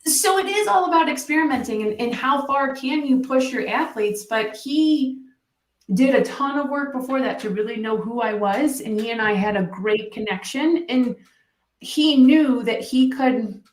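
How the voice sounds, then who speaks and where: A woman who works as a mental performance coach, a podcast guest telling stories in a lively way and acting out what people said. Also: sits high, normal speed, echoey room. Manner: animated storytelling, acts out quotes. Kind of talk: podcast interview guest, casual chat.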